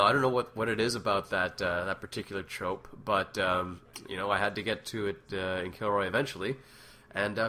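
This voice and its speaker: Bright-voiced man musing with many ums. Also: on the low side. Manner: relaxed, many fillers and restarts. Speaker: web series creator. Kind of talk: casual commentary.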